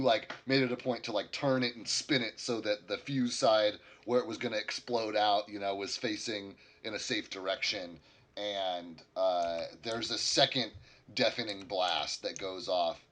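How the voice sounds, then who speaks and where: A man's voice: fairly low pitch, steady tone, measured pace, fairly bright tone. A man narrating a tabletop game as game master in a loose, casual way with plenty of fillers.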